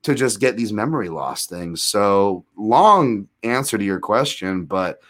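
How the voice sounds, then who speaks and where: A man's voice: fairly low pitch, animated, a little slow, a bit bright. Self-deprecating man telling rambling stories. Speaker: guest, MMA analyst. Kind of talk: casual storytelling in a podcast interview.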